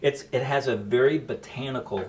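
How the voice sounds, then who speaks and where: A middle-aged man hosting a home coffee cocktail demo, explaining each step in a relaxed, chatty way. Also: mid-range voice, moderate pace. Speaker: host making a coffee cocktail. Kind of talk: casual cooking demo chat.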